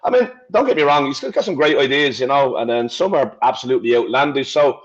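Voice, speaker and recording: A man's voice: mid-range voice, lively intonation, quick pace, lo-fi sound. A man, a band member guest, answering wryly and teasing his bandmate in an interview. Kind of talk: interview conversation.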